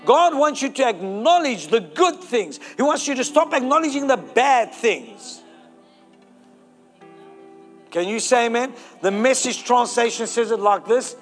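High-voiced fervent male preacher. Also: lively intonation, measured pace, fairly bright tone, faint music behind. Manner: fervent, exhorting, rallies the congregation. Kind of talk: sermon.

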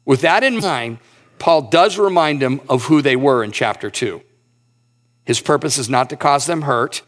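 A pastor preaching a sermon with earnest emphasis, reading scripture slowly and rising in pitch on key points. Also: male voice, expressive, a bit bright.

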